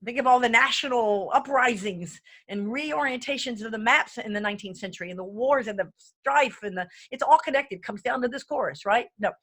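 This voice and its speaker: A woman speaks briskly with few pauses in a fairly high, fairly bright voice. As a music lecturer giving a casual online lesson, she chats with enthusiasm, strays off topic, and counts beats out loud while playing a keyboard, faint in the background.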